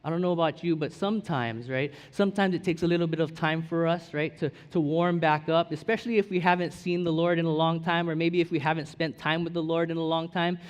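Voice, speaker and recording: High-voiced, chatty male pastor. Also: steady tone, brisk, hardly any pauses. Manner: chatty, full of restarts and "right?" check-ins. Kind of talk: conversational sermon. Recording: long hall reverb.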